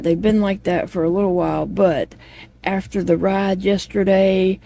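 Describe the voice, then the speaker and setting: A woman's voice: fairly low pitch, warm tone. A woman chatting casually to viewers while she crochets at home, rambling from one thought to the next. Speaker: vlogger.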